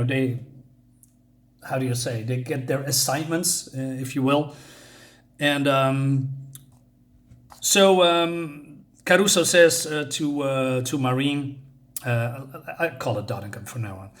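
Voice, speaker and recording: A man casually reviewing a comic book, searching for words with many fillers and restarts. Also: medium pitch.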